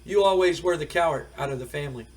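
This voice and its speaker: A man plays a cocky male wrestler who taunts a rival and calls him a coward. The voice is a little high. It sits slightly back from the microphone. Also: fast talker, recorded from a distance, natural voice. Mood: taunting. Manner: taunting, goading. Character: taunting male wrestler challenging his brother.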